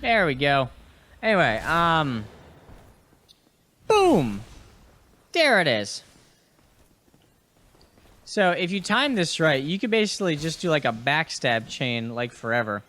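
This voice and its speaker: A young gaming podcast host speaks a little slowly and pauses often, his slightly high, sharp voice very animated. He rambles casually while playing, dropping fillers, restarting lines, swearing offhandedly, and talking back to on-screen foes.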